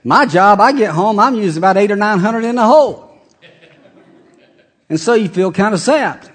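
Folksy preacher guy, middle-aged, kinda high voice, jokey sermon, goes loud then soft. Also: animated, moderate pace. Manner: folksy, joking preacher with big swings in loudness. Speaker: pastor.

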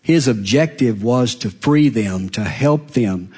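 A man preaching a sermon, swinging dramatically between hushed, quiet passages and loud, raised ones. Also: medium pitch, expressive, slow, hardly any pauses, slightly rough.

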